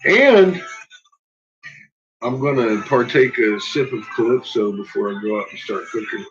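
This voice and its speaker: A man's voice: mid-range voice, lively intonation, unhurried. A man vlogging casually at home in his kitchen, rambling, joking and talking to his pets. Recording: dull, noisy home recording.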